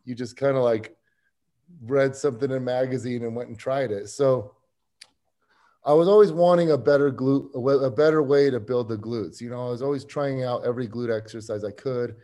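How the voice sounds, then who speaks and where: A man with a warm, mellow voice at an ordinary pitch chats through his story as a podcast guest. His delivery is loose and easygoing, with restarts and frequent soft chuckles. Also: fairly even intonation, a little fast. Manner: easygoing, rambling, chuckles often. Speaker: strength coach, podcast guest. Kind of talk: casual interview storytelling.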